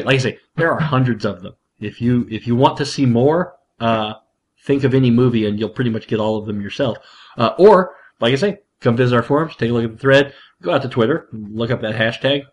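A man hosting a podcast, talking casually and excitedly, often laughing and restarting his sentences. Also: medium pitch. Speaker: podcast host, father. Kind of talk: casual monologue.

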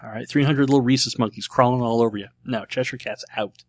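A young man hosting his podcast in a casual, jokey, self-mocking way, full of quick asides. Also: mid-range voice, steady tone, a little mellow, no echo. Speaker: podcast host.

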